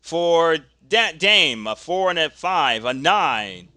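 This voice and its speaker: A man's voice: a little high, slow pace, dry recording, studio quality. A man casually narrating a tabletop wrestling dice game, reading out rolls and calling the action. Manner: casual, reads dice results aloud, gets excited during the action. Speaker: game host.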